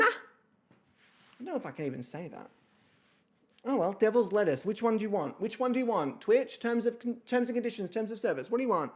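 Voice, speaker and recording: A woman who streams and hosts talks casually and fairly quickly to her chat, rambling from one thought to the next. Her pitch swings up and down in a lively way, and she swears freely between asides.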